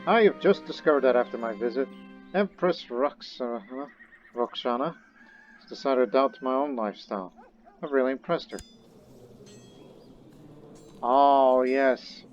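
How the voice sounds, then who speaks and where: A man's voice: mid-range voice, a little slow, long pauses. A man giving casual, rambling commentary while playing a strategy game, thinking aloud as he goes. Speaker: let's play gamer. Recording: dull lo-fi recording with faint game music.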